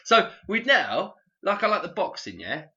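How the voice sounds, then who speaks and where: Podcast co-host, very bright lively voice, casual swearing banter. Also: male voice, high voice, normal speed. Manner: animated, swears freely, laughs often. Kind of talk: casual chat. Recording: dull lo-fi sound.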